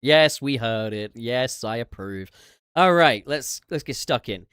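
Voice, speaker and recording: Animated man on a livestream. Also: mid-range voice, clean tone, no echo, studio quality. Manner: animated, swearing, quick asides. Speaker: podcast host. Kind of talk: casual livestream chat.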